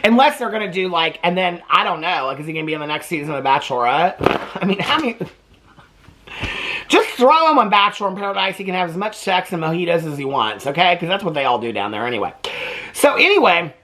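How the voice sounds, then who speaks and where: A man spilling reality-TV gossip to the camera in a loose, chatty way. His talk is full of asides and "okay?" tags, and he keeps a lively, animated delivery. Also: sits high, fast, slight background noise. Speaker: TV reaction vlogger.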